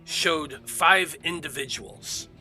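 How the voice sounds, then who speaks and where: A solemn male oracle, played by a man in a bright, slightly high voice, speaking slowly and formally. He lays out his words with measured patience, over faint music. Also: full character voice.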